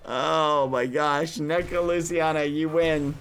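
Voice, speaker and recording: Excitable male streamer with a bright voice. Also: takes it slowly, soft background music. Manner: excitable, shrieks high when the game turns; talks to chat and players by name. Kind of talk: live game stream commentary.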